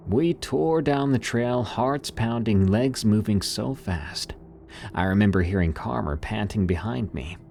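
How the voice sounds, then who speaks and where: A man's voice: lowish voice, a little mellow, slight background noise. A man narrating a first-person horror story in a dramatic, suspenseful storytelling manner.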